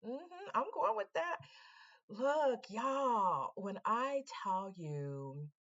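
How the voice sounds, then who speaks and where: A woman vlogger telling a personal story to camera in a chatty, animated way, often repeating herself and speaking straight to her viewers. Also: fairly high pitch, drawn-out words, muffled recording.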